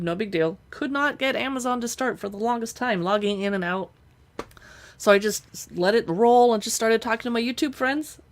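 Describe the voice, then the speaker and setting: A woman live streaming as she pages through cookbooks, chatting casually and reading recipe lists aloud as she thinks out loud. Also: fairly high pitch. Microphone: streaming setup.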